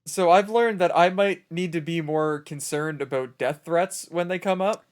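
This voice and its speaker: A man with a somewhat higher-than-usual voice, telling a long story in a casual, rambling way. He keeps quoting other people as he goes, and the retelling stays animated. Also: normal speed, clear, resonant tone. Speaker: streamer in a roleplay server.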